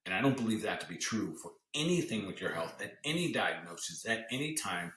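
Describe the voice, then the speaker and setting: Deep-voiced guy doc on a podcast, earnest coaching health talk, punchy tone, echoey room. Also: big pitch swings, a little fast, fairly bright tone. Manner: earnest, coaching tone with frequent restarts. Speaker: podcast host, doctor.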